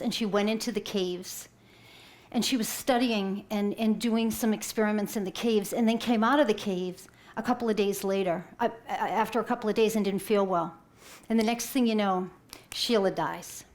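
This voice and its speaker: A middle-aged woman giving an emotional storytelling talk, rising high when moved and dropping to a whisper. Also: a little mellow. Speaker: inspirational speaker.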